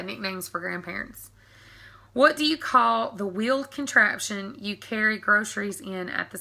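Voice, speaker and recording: In a casual accent tag video, a chatty, giggly vlogger in her thirties speaks with a Southern American accent and plenty of ums. Her medium-pitched voice carries vocal fry and sounds pushed and bright.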